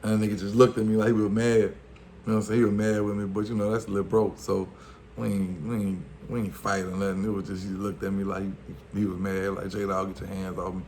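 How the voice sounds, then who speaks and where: A man's voice: on the low side, level tone, fast, darkish tone, a little hiss or hum. A man with a Louisiana accent telling a story from his past in loose street slang, full of fillers and acted-out quotes. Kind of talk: casual storytelling.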